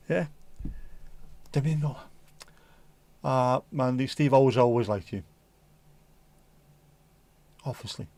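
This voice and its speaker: A man's voice: medium pitch, takes it slowly, long pauses, warm tone, no room sound. A man hosting a casual livestream who reads viewer comments in a jokey, rambling, playful way. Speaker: livestream host.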